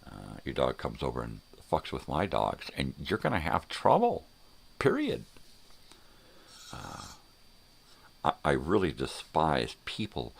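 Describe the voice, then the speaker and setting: Very deep gravelly older man ranting. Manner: profane, blunt ranting. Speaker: vlogger. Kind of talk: ranting morning vlog.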